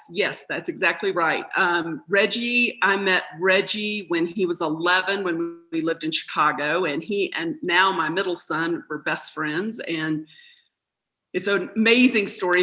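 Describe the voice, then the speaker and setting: A woman's voice: on the low side, pushed and bright, poor audio. A middle-aged woman from North Carolina with a Southern accent, chatting as a podcast guest and telling stories with easy laughs. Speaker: guest, mindset coach. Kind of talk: podcast interview.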